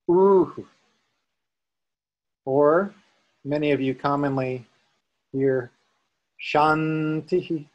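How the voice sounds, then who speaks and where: A man teaching a Sanskrit lesson, calmly explaining sounds and chanting tones for students to repeat. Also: mid-range voice, husky, low-quality recording. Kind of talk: slow guided chanting lesson.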